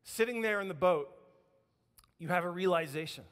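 A man's voice: sits high, normal speed, a bit bright. A man preaching a sermon as a pastor, telling a story vividly and acting out what people say. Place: church sanctuary. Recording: church hall reverb.

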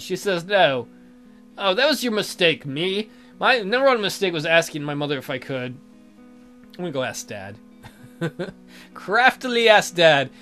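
Animated, bright-voiced sarcastic young man. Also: high-pitched. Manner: sarcastic and profane, with sudden loud outbursts. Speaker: let's play host. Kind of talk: reading game text aloud with joking commentary.

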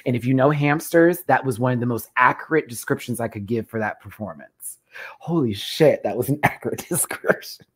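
A woman in her thirties hosting a live stream, telling stories in a loud, animated, profane way and laughing often. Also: a bass voice, a little fast, slightly rough. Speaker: show host reviewing a TV competition. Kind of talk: casual live stream chat.

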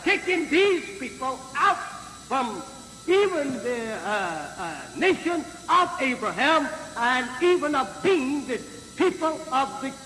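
Speaking slowly in a big echoey hall, a high-pitched religious leader addresses the crowd in a sing-song, bright, forceful tone. He emphasizes each point, asks the audience rhetorical questions again and again, and stumbles with frequent fillers and restarts. The recording is a noisy one from the 1950s archives.

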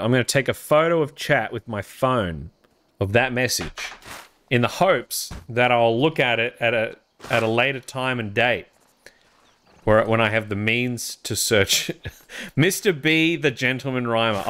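A man's voice: medium pitch, normal speed, a bit bright, a little hiss or hum. A man from Queensland with an Australian accent, streaming and chatting casually to viewers in a rambling, wry, self-amused way.

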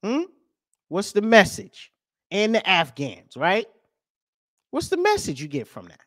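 A man hosting a podcast, ranting over news clips with profanity and rhetorical questions, swinging between loud and soft. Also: high-pitched, wildly swooping pitch, a little slow, no room sound, studio quality. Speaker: podcast host.

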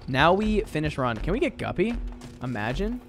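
A man's voice: on the high side, very animated, moderate pace, fairly bright tone, faint music behind. A young man streaming a game, chatting casually with viewers and rambling with lots of fillers. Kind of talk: casual live-stream chat.

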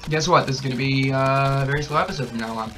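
A young man hyped up on energy drinks, narrating his gameplay, yelling and cackling at every death and win. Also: medium pitch, quick pace. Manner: excitable, shouts and cackles at the game. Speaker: gaming channel host. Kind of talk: hyper gameplay commentary. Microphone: desk mic with a camera nearby.

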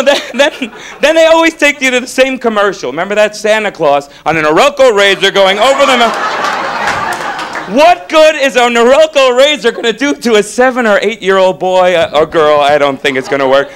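A young man doing a stand-up comedy set on stage, animated and mocking, slipping into character voices. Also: high voice. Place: comedy club stage before a live audience. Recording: live club recording with audience laughter.

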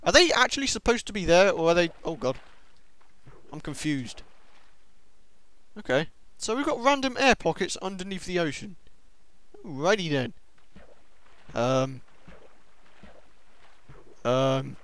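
A young man giving excitable let's-play commentary on a game, talking to himself and to the monsters. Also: a little high, a little slow, long pauses, clean tone, no room sound. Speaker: gaming video host.

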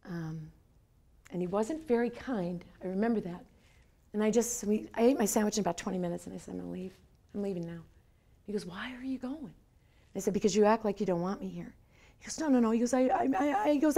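A woman's voice: mid-range voice, a little fast, creaky, dark tone. A woman in her fifties telling a personal story at a lecture, animatedly acting out the quoted dialogue. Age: 50s. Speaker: lecture speaker. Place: lecture hall.

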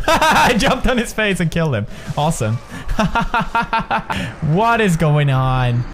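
Excitable Swedish man yelping over a game. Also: a little high, unhurried, slight background noise. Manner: excitable, jokey, swings from mutters to yelps. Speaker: gaming video host. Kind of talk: game commentary.

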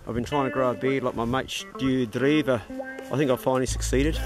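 A man's voice: medium pitch, fairly even intonation, brisk, music in the background. Older laid-back New Zealand man outdoors. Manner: laid-back, chatty, bursts into loud praise for his dogs. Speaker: pig hunter and channel host. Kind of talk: casual outdoor hunting vlog. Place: outdoors in hill bush country.

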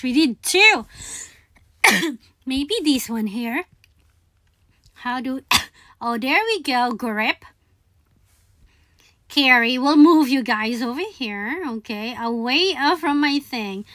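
A woman giving excited gameplay commentary, chanting repeated commands and calling game characters buddy. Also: sits high, no room sound, clean studio sound. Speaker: gaming channel host.

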